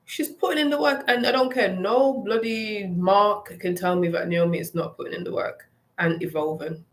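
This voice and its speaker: A woman's voice: medium pitch, normal speed. A young woman ranting bluntly and with animation, delivering solo wrestling commentary. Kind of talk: opinionated solo rant.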